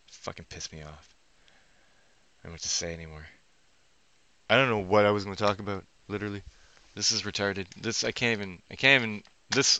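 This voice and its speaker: Man, low pitch but bright and forceful tone, restless profane monologue, keeps breaking off mid-thought. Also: clean tone. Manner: profane, restless, thinking aloud; self-interrupting, trails off mid-sentence. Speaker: vlogger. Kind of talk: rambling monologue.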